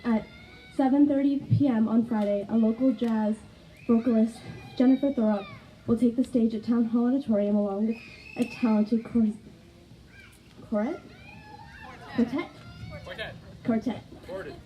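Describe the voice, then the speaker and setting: A woman's voice: on the high side, fairly even intonation, normal speed, lo-fi sound, a little hiss or hum. Woman reading a community calendar. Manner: reads from notes, stumbles and corrects herself. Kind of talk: reading announcements. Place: outdoor park stage.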